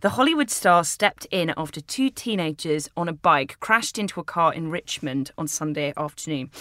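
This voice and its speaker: A woman's voice: deep voice, bright, forceful tone, no room sound, clean studio sound. A woman co-hosting a podcast, bubbly and self-mocking, trailing off mid-sentence. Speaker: podcast co-host. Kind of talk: casual chat.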